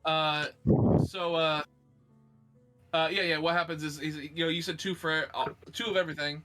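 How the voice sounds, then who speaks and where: A man's voice: fairly high pitch, flat delivery, moderate pace, pushed and bright, soft background music. A man narrating a tabletop game as game master, rambling with fillers and restarts.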